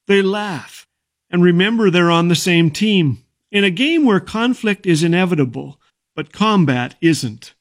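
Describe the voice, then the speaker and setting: Middle-aged male radio host, higher pitch, light humorous devotional delivery. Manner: jokey, warm storytelling with chuckles.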